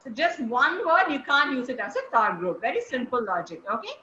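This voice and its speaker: A woman's voice: sits high, big pitch swings, a little fast, bright, forceful tone, a little hiss or hum. A woman, coaching a class over a video call and quizzing listeners encouragingly. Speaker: speaking coach. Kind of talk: online teaching session. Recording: echoey, slightly dull call audio.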